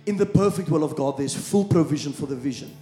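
Guy preaching a sermon, kinda high mellow voice, goes quiet then loud, echoey church sound. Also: quick pace, soft background music. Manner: swings from quiet storytelling to loud preaching, calls out to the crowd. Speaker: pastor.

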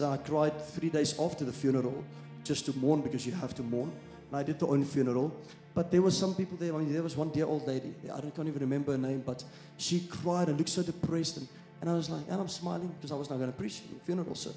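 A pastor delivers a sermon in a slightly high but mellow, warm voice. He moves between hushed storytelling and loud rallying calls to the congregation. The room rings with echo, and soft music plays underneath. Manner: swings from quiet storytelling to loud preaching, calls out to the crowd.

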